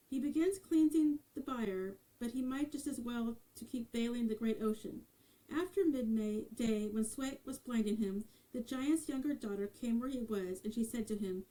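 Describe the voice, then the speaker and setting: A woman storyteller narrating a fairy tale in a measured, expressive reading. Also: fairly high pitch, low-quality recording.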